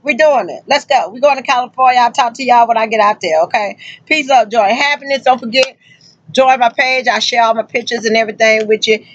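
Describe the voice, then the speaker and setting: A woman's voice: on the high side, brisk, muffled recording. A woman truck driver vlogging casually and sassily, talking straight to her viewers and calling them honey and girl. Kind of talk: casual chatty vlog.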